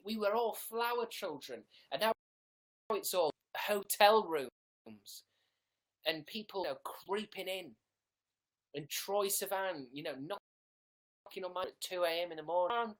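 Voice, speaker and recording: A man's voice: high voice, measured pace, pauses often, a bit bright. A young British man chatting sarcastically on a livestream from his bedroom, playing a mock diva. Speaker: livestream host. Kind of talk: casual livestream chat.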